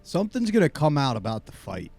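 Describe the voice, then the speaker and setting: A man co-hosting a podcast, telling a story in a casual, animated way and acting out the other people in it. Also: fairly high pitch, quick pace. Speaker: podcast co-host.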